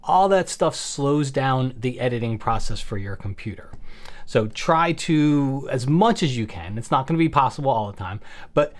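A man walks through a software tutorial in a relaxed, explanatory way, voice pitched in the middle range. He keeps checking in with the listener with quick "okay"s and "all right"s as he goes. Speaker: photography software instructor. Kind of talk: screen-recorded software tutorial.

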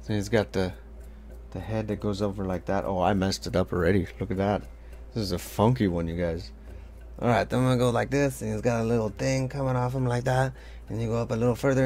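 A man's voice: fairly low pitch, creaky, a little mellow, a little hiss or hum. A man leading a casual draw-along lesson, talking loosely with lots of "like" and little sound effects as he draws. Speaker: art teacher.

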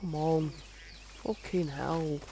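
Brief: exasperated gamer narrating play, gravelly, with faint background noise. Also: male voice, on the high side, steady tone, takes it slowly. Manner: sweary, exasperated. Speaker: gaming video host. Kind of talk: casual gameplay commentary.

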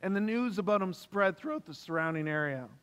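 High-voiced pastor preaching in a reverberant hall. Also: male voice, expressive, fairly quick, fairly bright tone, clear, resonant tone. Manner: emphatic, repeats key phrases for stress. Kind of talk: sermon. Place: church hall. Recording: long reverb of a church hall.

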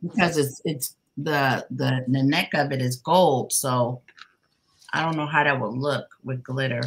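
A woman's voice: extremely low pitch, fairly even intonation, a little slow. A woman hosting a casual craft livestream while crocheting. She greets her viewers one by one by name and teases them playfully. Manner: playful teasing with laughter. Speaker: livestream host.

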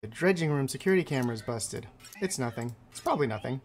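A man streaming a card game, chatting with his viewers and reading the game's text aloud between quick reactions. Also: medium pitch, lively intonation. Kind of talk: casual let's-play commentary with chat. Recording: faint game music behind the voice.

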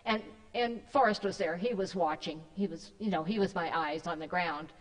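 A woman's voice: lowish voice, normal speed, big-room sound, rough recording. A woman giving a casual, rambling talk to a church group, with many fillers and restarts. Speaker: guest speaker. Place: church hall.

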